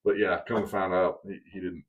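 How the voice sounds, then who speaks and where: A man with a low voice speaks briskly, and the audio sounds dull. As a podcast co-host, he tells a long story casually and animatedly, acting out the voices of the people in it.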